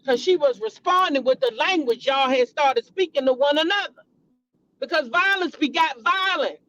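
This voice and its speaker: High-voiced female commentary host, blunt, profane, heated; AAVE speech. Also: expressive, normal speed, a bit bright, dry recording, highs cut off. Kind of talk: casual commentary vlog.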